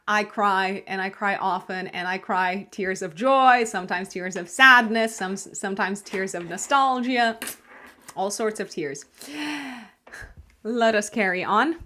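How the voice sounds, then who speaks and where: A woman's voice: mid-range voice, measured pace, pushed and bright. Chatty woman astrologer, lots of fillers. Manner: chatty, many fillers and restarts, laughs at herself. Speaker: astrologer host. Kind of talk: casual horoscope monologue.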